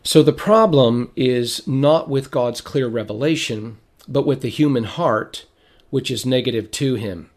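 A man in the middle of his range delivers a sermon-style teaching at a steady, measured pace. His voice is going hoarse, and he stops to clear his throat as he reads passages aloud. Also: medium pitch. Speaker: preacher.

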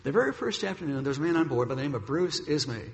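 A man's voice: fairly high pitch, sing-song, very fast, vocal fry, long reverb tail. A man preaching a sermon, telling a dramatic story and acting out what the characters say. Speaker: pastor.

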